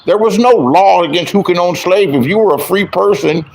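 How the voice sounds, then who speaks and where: A middle-aged online commentator, a self-styled comedian and troll, delivers a profane, crude, boastful storytelling rant, acting out other people's lines in mocking voices. His voice sits high, creaky and darkish, at normal speed with slight background noise.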